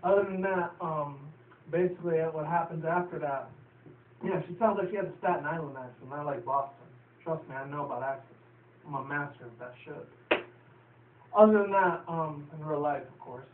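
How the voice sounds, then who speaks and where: A man's voice: a little high, normal speed. A man from New York City casually recapping a cartoon episode, rambling with lots of fillers and swearing. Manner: profane, filler-heavy, chatty. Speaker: show reviewer. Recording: tinny, roomy, distant, faint hiss.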